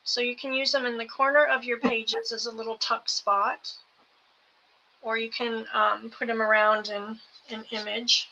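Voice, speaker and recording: A woman hosting a live selling show, going through each craft kit item by item in an unhurried way. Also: a little high, flat delivery, pushed and bright, highs cut off. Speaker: host selling craft kits. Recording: background noise with clicks.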